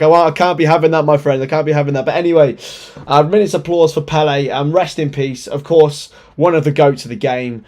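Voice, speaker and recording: A man hosting a live football watchalong, commenting as a fan. He talks in an excitable, chatty way, often stumbles over words, and sounds nervous and shaky. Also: on the high side, normal speed. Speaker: watchalong host.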